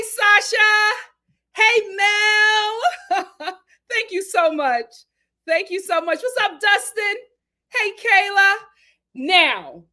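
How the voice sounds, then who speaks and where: A young woman with a high, bright voice hosts a live stream. She talks with her viewers in an animated, expressive way and laughs often. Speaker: host of a live show review stream. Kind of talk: casual live-stream chat.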